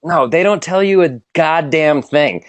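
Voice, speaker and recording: A man's voice: a little high, unhurried, dry recording. A man guesting on a podcast, telling wry, profane stories in a casual chat. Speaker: guest comedian.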